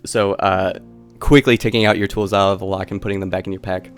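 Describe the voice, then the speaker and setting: A man's voice: low voice, steady tone, brisk, faint music behind. A man narrating a tabletop game as game master, with a hesitant delivery full of fillers.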